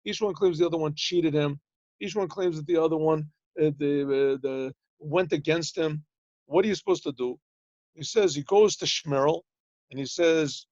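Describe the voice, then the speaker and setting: A rabbi with a fairly high, darkish voice speaks at a moderate pace in a lesson tone, giving his yeshiva class a Torah lesson via video call. He explains plainly, translates Hebrew phrases as he goes, and acts out small dialogues in his stories. The audio has no echo but is slightly muffled and lo-fi.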